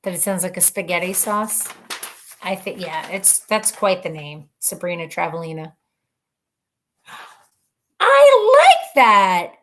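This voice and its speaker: A woman's voice: fairly low pitch, fairly even intonation, normal speed. Chatty woman hosting a live stream. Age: adult mother of children. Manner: chatty and rambling, laughs often, thinks out loud. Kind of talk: casual live-stream chat, reading viewer comments aloud.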